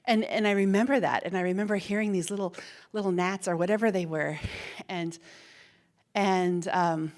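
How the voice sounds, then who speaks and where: A middle-aged woman with a lowish voice speaks to a hall audience at a plenary session. She tells a personal story in a lively, conversational way, often repeating words and laughing softly as she goes. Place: university ballroom.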